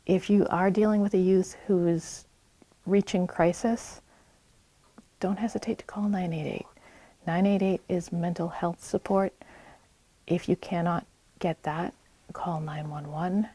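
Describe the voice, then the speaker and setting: A woman's voice: fairly low pitch, steady tone, unhurried, long pauses, warm tone, slightly rough, dry recording. A woman with a New England accent giving a public health talk in a library, earnest and reassuring as she gives direct advice. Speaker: community health presenter. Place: public library meeting room.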